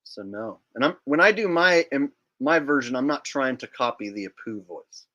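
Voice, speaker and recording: A man's voice: mid-range voice, animated, normal speed, sharp tone, dull audio. Casual streamer: a man who jokes around and rambles through viewer comments. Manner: joking, rambling, reads out chat comments. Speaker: livestream host. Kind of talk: casual livestream chat.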